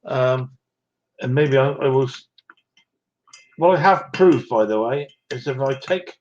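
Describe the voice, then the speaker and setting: A man's voice: mid-range voice, measured pace, darkish tone, muffled recording. A man hosting a live stream, chatting casually and greeting viewers by name with little chuckles, a bit short of breath. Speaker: livestream host. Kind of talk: casual chat reading out live comments.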